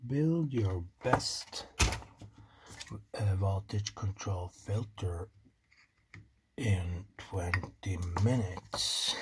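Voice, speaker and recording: Speaking in a low voice with lively intonation and drawn-out words, a man with a non-native English accent walks viewers through a circuit build for his DIY electronics channel. Working at a home bench, he mutters, rambles and jokes, with distinct clicking and typing audible in the background.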